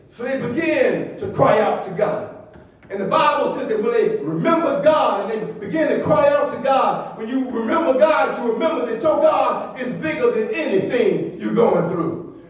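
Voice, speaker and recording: A man preaching a sermon as pastor, in rhythmic bursts of shouted repetition and calls for the congregation to answer. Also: very high-pitched, lively intonation, normal speed. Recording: echoey church sound from far off.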